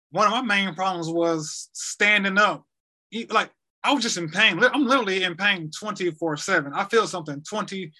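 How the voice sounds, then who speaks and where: High-voiced man telling a rambling story. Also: pushed and bright. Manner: rambling, repeats himself, acts out conversations. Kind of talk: casual personal storytelling.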